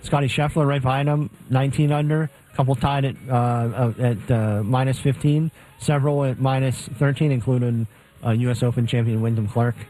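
A man's voice: mid-range voice, steady tone, normal speed, mellow, poor audio. A man co-hosting a sports radio segment, steadily reading games and betting odds. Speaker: co-host reading betting lines. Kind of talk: casual sports betting chat.

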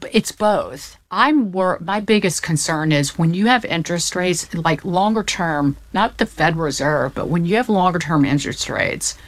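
A woman's voice: low voice, no echo. A woman from the Southern United States explaining the economy in casual chat, packed with figures, often restarting mid-sentence. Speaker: economics commentator.

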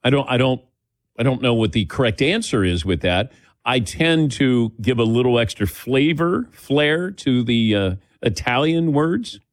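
Male radio host type, loose rambling chat, average pitch, dead-dry booth. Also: lively intonation, unhurried, dry recording. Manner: rambling, self-correcting. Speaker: radio talk show host. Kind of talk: casual sports talk chat.

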